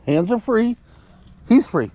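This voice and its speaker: This man's voice is high, sing-song, slow and warm as he vlogs casually outdoors while walking his puppy. Talking to the camera, he wanders from thought to thought, says things more than once, and gently soothes the dog.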